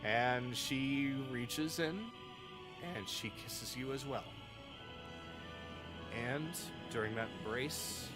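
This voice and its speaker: A man narrating a tabletop game as game master in a deliberate way. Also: medium pitch, animated, music in the background.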